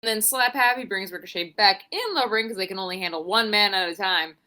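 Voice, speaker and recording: A woman's voice: medium pitch, fast talker. A young woman co-hosting a podcast, recapping wrestling in casual chat, swearing freely and acting out what people said. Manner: animated, swearing, acts out quotes. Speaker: podcast co-host.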